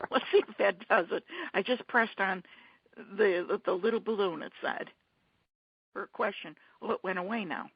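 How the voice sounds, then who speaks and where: A woman hosting a teleconference casually, talking haltingly with many restarts and fillers over a muffled conference-call line. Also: mid-range voice, breathy edge, no room sound.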